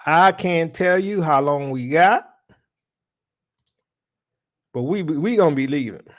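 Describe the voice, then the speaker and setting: A man whose voice is a little high, with lively intonation, preaches slowly to his livestream listeners. The talk is loose and slangy, peppered with y'all and a steady stream of rhetorical questions.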